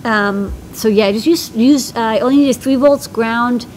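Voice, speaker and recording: Chatty woman with a fairly high voice. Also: measured pace, a little mellow, a little hiss or hum, rough recording. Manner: chatty, many ums and restarts. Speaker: co-host answering viewer questions. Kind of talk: casual live-stream chat.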